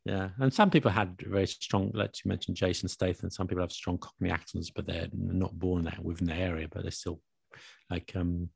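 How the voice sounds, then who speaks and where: A low-pitched man, talking in a relaxed, explanatory way. His voice has a gravelly edge. The recording is dry and close. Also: fairly quick, no room sound. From England, north London area. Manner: explanatory, chatty, laughs often. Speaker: language video maker discussing accents. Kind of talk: casual conversational chat.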